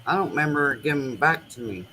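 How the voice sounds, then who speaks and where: A woman hosts a casual chat, rambling through everyday stories in loose, colloquial speech. Her pitch swoops up and down a lot as she talks. The recording has a clear layer of background noise under her voice. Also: quick pace. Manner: rambling animated storytelling with colloquial grammar. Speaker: host. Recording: noisy home recording.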